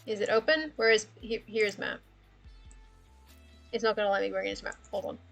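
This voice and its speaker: Soft music plays behind an Australian woman's relaxed livestream on worldbuilding, where she rambles, thinks aloud and frequently laughs. She talks a little fast in a mid-range voice that is gravelly and a bit bright.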